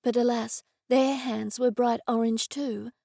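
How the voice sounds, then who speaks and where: Woman narrator, expressive audiobook reading, slightly high, gravelly, close and dry. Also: measured pace, no echo. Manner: lively, expressive reading in first person. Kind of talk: scripted narration.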